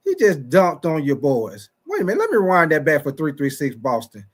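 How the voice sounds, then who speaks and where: A man hosting a sports livestream in a slightly higher voice, chatting loosely and repeating his points. He calls out viewers from the chat by name and slips into playful mock-preacher asides. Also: huge pitch swings, a little fast. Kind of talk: casual sports talk livestream.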